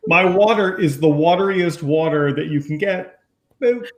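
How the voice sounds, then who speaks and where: Upbeat man coach from New Jersey; joking, rambling delivery with silly sound effects; higher voice; echoey room. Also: expressive, takes it slowly. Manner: jokey and rambling, full of restarts and sound effects like "boop". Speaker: business coach hosting a training call. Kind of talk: casual group chat turning to a coaching talk. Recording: roomy echo.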